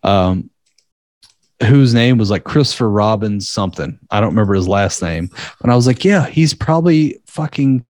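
A man co-hosting a podcast, rambling casually and swearing as he tells a dark story. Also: lowish voice, moderate pace, dry recording. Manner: rambling, profane, laughing at dark material. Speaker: podcast co-host.

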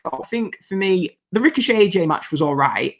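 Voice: mid-range voice, lively intonation, moderate pace. Exasperated podcast host rambling. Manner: rambling, exasperated, restarts mid-sentence. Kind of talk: casual opinionated commentary.

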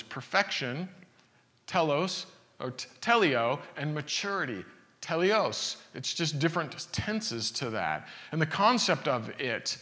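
A man preaches with a lively, bright voice that rises and falls through rhetorical questions, often restarting his sentences as he talks. His voice carries through a reverberant hall. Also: medium pitch, slow, long pauses. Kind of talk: sermon.

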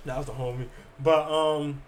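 A man co-hosting a podcast, telling a story in casual, animated chat, swearing freely and acting out quotes. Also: fairly high pitch, normal speed, slight background noise. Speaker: podcast co-host.

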